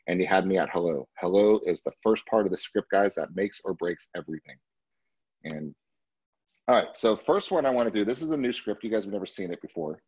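Leading a live training for real estate sales, this man speaks in a husky, low, somewhat mellow voice with a forceful but chatty delivery. Point by point, he keeps checking in with his audience. The audio is dry, slightly muffled and free of echo.

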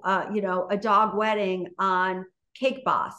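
A woman's voice: mid-range voice, fairly even intonation, measured pace, a bit bright, muffled recording, slight background noise. This is a woman guest on an interview show, telling a story in a casual, chatty way. Her talk is full of fillers like "you know" and "like", and it rises and falls as she goes.

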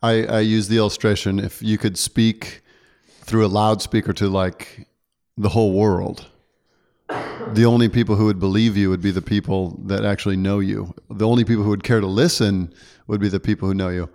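A man who is a preacher, talking through a point in casual church chat, earnest and quick to correct himself. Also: on the low side, fairly even intonation, creaky, a little mellow. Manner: earnest, self-correcting, laughs easily.

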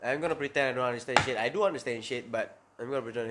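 A man's voice: medium pitch, very fast, very noisy. A young man co-hosting a podcast, talking in a laid-back, slangy way with plenty of swearing. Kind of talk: casual chat.

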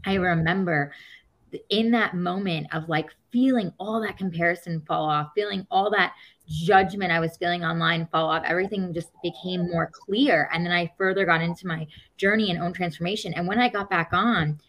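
A woman guest telling a personal story in a casual, animated way, acting out other people's words and laughing often. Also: on the low side, normal speed, rough recording. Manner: animated, acts out quoted voices, laughs often. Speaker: podcast guest.

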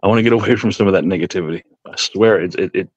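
A man's voice: sits low, very fast, no room sound, lo-fi sound. A man on a podcast panel talking casually, rambling and heartfelt, stammering and swearing as he goes. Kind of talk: casual chat.

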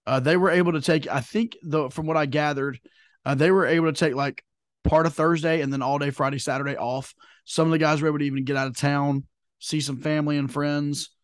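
A man's voice: on the high side, fairly even intonation, a little fast, dry recording, clean studio sound. A young man co-hosting a sports podcast, chatting casually with plenty of fillers and rambling asides. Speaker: podcast co-host. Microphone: podcast mic.

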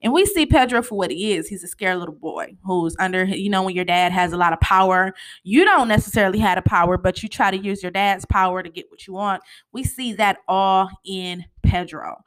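A woman's voice: mid-range voice, a little fast. Chatty woman recapping a TV episode. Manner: chatty and animated, peppered with "you know" and "honey". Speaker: TV show recap host.

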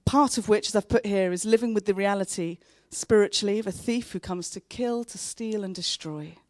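A woman, preaching a sermon in an earnest, heartfelt way and pausing between phrases. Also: mid-range voice, darkish tone, dry recording, studio quality. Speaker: pastor. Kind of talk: sermon with personal story.

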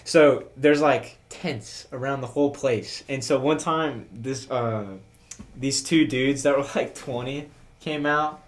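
A young man co-hosts a casual podcast and jokes and giggles as he talks. His voice sits at an ordinary pitch for a man. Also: steady tone, slow pace. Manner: giggly, joking. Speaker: podcast co-host. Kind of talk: casual chat.

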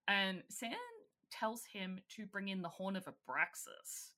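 A woman's voice: medium pitch, a little slow, bright, forceful tone. A woman casually recapping a film's plot, giggling often. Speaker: podcast co-host. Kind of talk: casual chat recapping a film.

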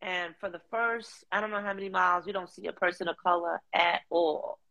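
A middle-aged woman, telling a story in casual chat, slangy and animated, slipping into quoted voices. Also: fairly low pitch, a little fast, dull audio. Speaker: guest.

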